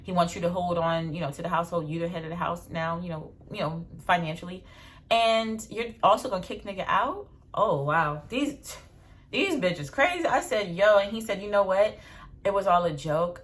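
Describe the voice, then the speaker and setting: A young adult woman, telling stories in a blunt, animated casual vlog with slang and swearing. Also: on the low side, a little fast. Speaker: vlogger.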